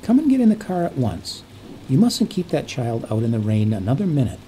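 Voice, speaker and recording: A man voicing a proud, bossy young woman from the city, brisk and indignant in a story reading. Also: medium pitch, huge pitch swings, dark tone, a little hiss or hum. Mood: sharp. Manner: brisk, indignant, self-satisfied.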